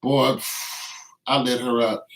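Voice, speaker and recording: A man's voice: mid-range voice, flat delivery, takes it slowly, a bit bright. Man in his fifties, boastful. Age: 50s. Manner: boastful, slang-heavy, laughing while telling. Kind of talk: casual storytelling. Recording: roomy, distant from the mic.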